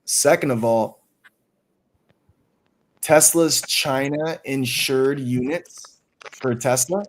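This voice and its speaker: A man hosting a casual livestream, talking excitedly and cursing freely. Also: mid-range voice, takes it slowly. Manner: excited, profane, hyped up. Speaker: stream host.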